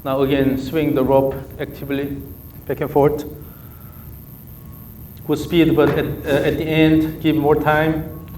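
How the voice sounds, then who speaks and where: In an echoey room with faint ambience and slight background noise, a man with a Korean accent coaches a golf student live. His voice is on the high side, darkish, unhurried, and completely flat. He gives short cues over and over during drills.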